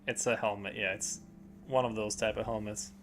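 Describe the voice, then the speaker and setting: A man's voice: lowish voice, steady tone, normal speed, slight background noise. A man live-streaming while he paints, chatting casually in a rambling, hesitant way full of fillers and restarts.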